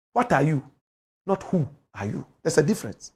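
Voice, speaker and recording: A man's voice: on the high side, sing-song, normal speed, darkish tone, husky. A man with a Ghanaian accent hosting a commentary show, delivering a heated rant full of rhetorical questions. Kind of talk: impassioned political commentary.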